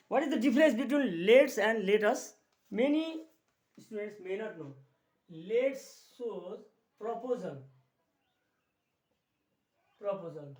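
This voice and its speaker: Male grammar teacher, Nepali accent, slow drilling delivery; echoey room, distant mic. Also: sits high, darkish tone. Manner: slow, repetitive, drills key words, mixes Nepali explanations into English. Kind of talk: classroom grammar lesson.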